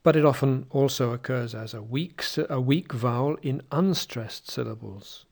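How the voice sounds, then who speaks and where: A man teaching pronunciation, slowly saying words one at a time for listeners to repeat. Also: mid-range voice, creaky, darkish tone. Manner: slow, deliberate, says each word on its own; takes words again after a slip. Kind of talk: slow pronunciation drill.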